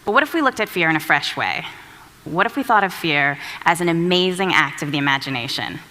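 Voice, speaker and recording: A woman's voice: deep voice, animated, brisk, pushed and bright, a little hiss or hum. A woman from California giving a prepared talk in a reflective, storytelling manner. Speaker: speaker. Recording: long hall reverb.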